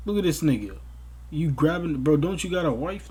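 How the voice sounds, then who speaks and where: A young male commentary vlogger rants casually with profanity, his husky voice a little high and his speed normal. He sounds exasperated and keeps bursting into outraged, animated exclamations.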